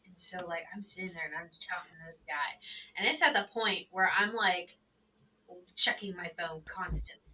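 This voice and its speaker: A woman's voice: mid-range voice, moderate pace, sharp tone, recorded from a distance, low-quality recording. A woman casually telling friends a long story in a rambling way, filling her talk with "like", her voice a little away from the microphone. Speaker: tabletop game player.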